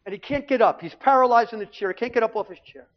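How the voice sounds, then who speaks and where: A middle-aged man preaching, telling a lively personal story from the pulpit and acting out what his family said. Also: extremely high pitch, fast talker. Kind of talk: sermon testimony storytelling. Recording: dull lo-fi recording.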